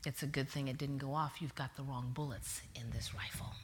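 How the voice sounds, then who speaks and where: A woman voicing a male gun shop clerk who speaks in a low, quiet, matter-of-fact way. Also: steady tone, brisk, slight background noise. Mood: grave.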